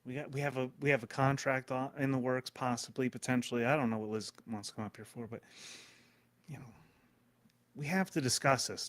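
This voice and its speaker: A man's voice: mid-range voice, fairly bright tone, no room sound. A man hosting a live stream, rambling in profane, casual commentary and talking to his chat. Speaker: streamer host.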